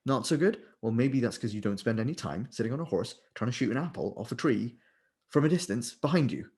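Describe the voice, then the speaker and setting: A man, a vocal leader, talking in an animated, explanatory way and now and then demonstrating with sung syllables. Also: mid-range voice, brisk. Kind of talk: conversational interview.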